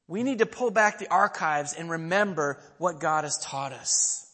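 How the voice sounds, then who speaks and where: High-voiced man preaching in a hall. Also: expressive, normal speed, hardly any pauses, a bit bright. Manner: storytelling, asks the listeners questions. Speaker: pastor. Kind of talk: sermon.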